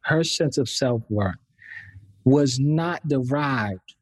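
A man's voice: mid-range voice, animated, slow, dry recording. A man, a professor, answering interview questions in a reflective, thoughtful way. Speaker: professor, guest author.

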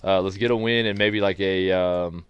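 A man's voice: low voice, steady tone, normal speed, smooth, dry recording, muffled recording. A man hosting a casual sports talk show, teasing his co-hosts and joking as he goes. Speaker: show host.

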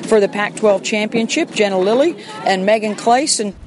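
A woman's voice: medium pitch, moderate pace, background noise. A woman co-hosting a sports podcast in an upbeat, exclamatory way, promoting upcoming guests. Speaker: podcast co-host. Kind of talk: casual podcast chat.

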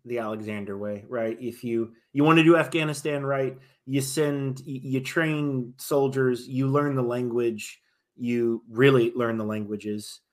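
A man, a military veteran, talking casually as a podcast guest, often restarting his sentences and swinging between emphatic and trailing-off delivery. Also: medium pitch.

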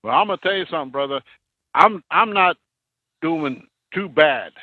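Rambling trucker calling in by phone. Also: male voice, on the high side, lively intonation, moderate pace, husky, no echo. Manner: casual, rambling, blunt. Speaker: caller, truck driver. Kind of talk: phoning in to talk radio. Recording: dry tinny phone line.

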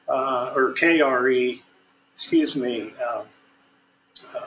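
A man in his sixties, a guest banking expert, explaining at a measured pace with many fillers and restarts on a podcast. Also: medium pitch, a bit bright, slight background noise, low-quality recording. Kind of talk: podcast discussion.

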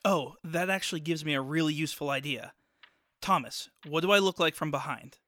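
A woman's voice: sits low, brisk, a bit bright, no echo, studio quality. A woman voicing a sarcastic, wry woman. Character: sarcastic woman in a man's body. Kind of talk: audio drama acting.

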